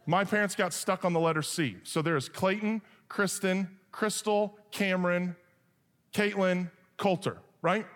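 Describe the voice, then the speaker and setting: Animated pastor in a reverberant hall. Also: male voice, sits high, measured pace. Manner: animated, joking, shifts into acted voices for characters. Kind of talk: sermon with humorous storytelling.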